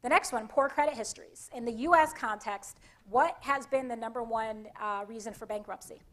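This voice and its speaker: A woman with a Connecticut accent presenting a conference workshop in a lively, conversational way, often putting questions to the audience. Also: on the high side, moderate pace.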